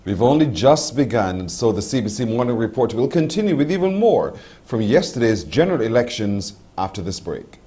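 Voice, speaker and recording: Lively Barbadian male news anchor. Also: medium pitch, brisk, few pauses, noisy background. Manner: lively, polished broadcast delivery. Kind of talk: scripted news reading.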